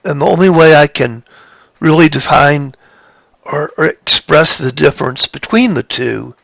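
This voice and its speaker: A man giving a reflective spiritual talk, halting and repeating his phrases, shifting his tone of voice for emphasis. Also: a little high, gravelly, fairly bright tone, no room sound. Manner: plays with tone of voice for emphasis. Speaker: spiritual speaker.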